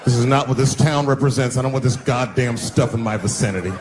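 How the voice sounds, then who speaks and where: A man's voice: mid-range voice, quick pace, music in the background, pitched below the performer's own voice, lightly acted. A comedian putting on a stern, disapproving small-town man. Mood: indignant. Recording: live stage recording with audience noise.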